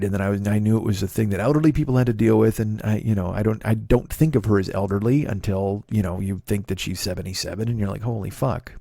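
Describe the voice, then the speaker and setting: A man's voice: lowish voice, creaky, warm tone, dry recording, studio quality. Profane rambling man in his fifties. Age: 50s. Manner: profane, rambling, self-interrupting. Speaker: comedian podcast host. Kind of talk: rambling storytelling monologue.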